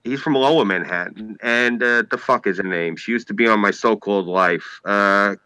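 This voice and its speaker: A man with a New York accent chats casually on a podcast. He rambles and talks emphatically, often swearing. His lowish voice has a bright, forceful edge, recorded dry and close. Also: normal speed, smooth, no echo, poor audio. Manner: rambling, emphatic, profane, heavy use of "like". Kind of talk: casual chat.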